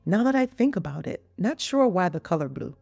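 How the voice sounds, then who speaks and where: A woman's voice: fairly low pitch, big pitch swings, fairly quick, creaky, warm tone, no room sound, faint music behind. A middle-aged woman hosting a podcast, chatting in a playful way with teasing asides to the listener. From Jamaica. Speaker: podcast host and physician.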